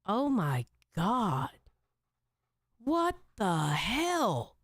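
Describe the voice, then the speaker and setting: A woman's voice: medium pitch, huge pitch swings, drawn-out words, no echo, clean studio sound. A woman streamer reacting to clips in a chatty way, exclaiming and swearing freely.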